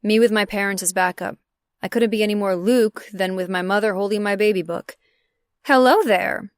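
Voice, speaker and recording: Female audiobook narrator, steady measured first-person read, very dry booth sound. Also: medium pitch, clean tone, no room sound.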